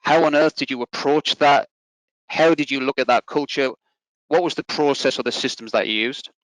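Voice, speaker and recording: A man's voice: mid-range voice, fairly bright tone, no echo, low-quality recording. A man hosting an interview, reading a formal introduction and asking structured questions in an orderly way. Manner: measured, orderly, reads out credentials. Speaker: interviewer, host.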